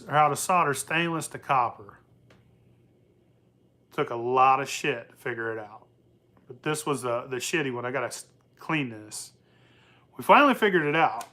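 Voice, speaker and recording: On his moonshine-making vlog, a young man with a sharp voice on the high side chats loosely in a casual workshop. He rambles, curses plenty, and laughs often.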